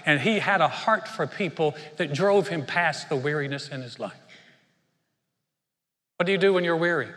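High, bright-voiced preacher man in a hall. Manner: conversational storytelling with frequent restarts. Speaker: pastor. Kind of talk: sermon.

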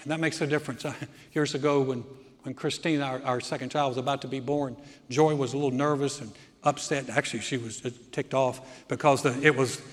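A man's voice: medium pitch, steady tone, brisk. A man in his sixties preaching a sermon, alternating emphatic, swelling declarations with anecdotes told with repeated words and restarts. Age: 60s. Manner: emphatic preaching that swells loud on key lines, with stories in between. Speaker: pastor. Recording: long hall reverb with faint music.

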